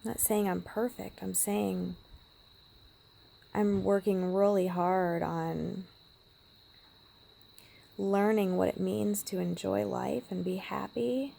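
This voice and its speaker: Woman vlogger, gravelly and warm-toned, emotional storyteller who slips into whispers. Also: medium pitch, fairly even intonation, slow pace, pauses often, a little hiss or hum. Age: adult parent. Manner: emotional, drops to a hushed whisper at times. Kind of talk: personal storytelling vlog.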